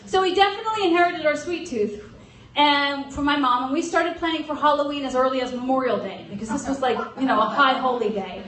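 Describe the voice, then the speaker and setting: A woman's voice: sits high, fairly quick, fairly bright tone. A middle-aged woman telling a funny story to a live audience in a chatty, joking way. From grew up in an Irish Catholic family. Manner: comic, chatty, laughs between lines. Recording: roomy hall sound from a distance.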